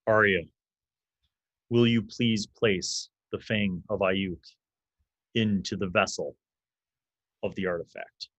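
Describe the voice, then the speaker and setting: A man's voice: lowish voice, fairly even intonation, fairly bright tone, no room sound, dull audio. A man voicing a grave, formal ritual leader. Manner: measured, formal warnings. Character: solemn male ritual leader, grave and cautious.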